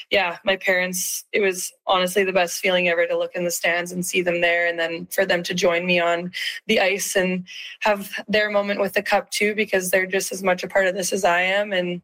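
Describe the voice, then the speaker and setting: Woman in her 30s, bit hoarse, chatty and upbeat, lots of ums. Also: lowish voice, fairly bright tone, low-quality recording. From Saskatchewan, Canada. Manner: upbeat, laughs often, frequent fillers. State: slightly hoarse. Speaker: professional hockey player, guest. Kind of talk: casual interview.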